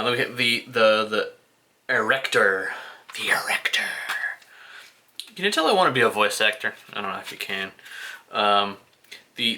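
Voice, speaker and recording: A man's voice: fairly low pitch, bright, forceful tone, slight background noise. A man from the United States casually talking through his CD collection on camera, rambling and joking at himself with the odd put-on voice. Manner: rambling, self-mocking, with playful put-on voices. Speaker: vlogger showing his CD collection. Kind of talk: casual video commentary.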